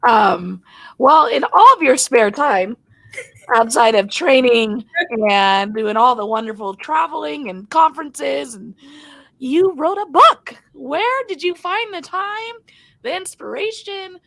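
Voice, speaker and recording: A young woman host with a high, bright-sitting voice keeps a casual podcast chat lively, laughing often and playing out little scenes as she talks. Her voice is recorded close and dry, with almost no room sound around it. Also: takes it slowly, creaky, no room sound, rough recording. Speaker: podcast host and 911 dispatcher.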